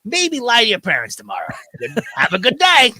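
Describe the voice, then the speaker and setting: A man's voice: extremely high pitch, wildly swooping pitch, brisk, sharp tone, dry recording, voice pushed up, heavily acted. A man putting on a sing-song children's cartoon narrator giving a moral. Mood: mock cheerful.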